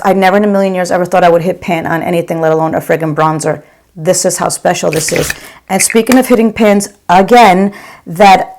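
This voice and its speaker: Middle-aged woman beauty vlogger, lower voice, effusive and chatty, casual home recording. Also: darkish tone. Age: 40s or 50s. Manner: gushing, chatty, calls viewers girl. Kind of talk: casual makeup review to camera.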